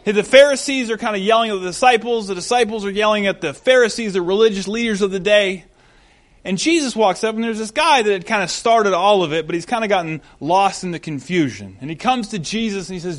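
Animated conversational male pastor. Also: sits high, brisk. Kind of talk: sermon.

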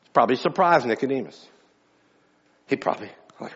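A fairly high-voiced male pastor preaches to his congregation, conversational but emphatic, often doubling back on his words. His voice rings out in a big church hall with a long reverb tail, and the recording sounds a little dull and muffled. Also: animated, moderate pace, fairly bright tone. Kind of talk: sermon. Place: church sanctuary.

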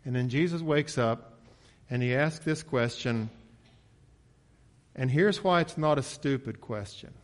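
A man preaching a sermon in a conversational way, asking rhetorical questions and swinging loud when acting out frightened voices. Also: mid-range voice, unhurried, pauses often. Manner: rises sharply and loud when voicing panicked disciples, drops soft at line ends.

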